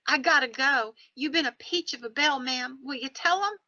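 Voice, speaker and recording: A woman's voice: high-pitched, moderate pace, sharp tone, no room sound, lo-fi sound, voice pushed up. A woman doing a pleading young soldier ghost, Southern accent. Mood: gentle farewell. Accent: Southern US (put on). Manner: begging, homesick, polite.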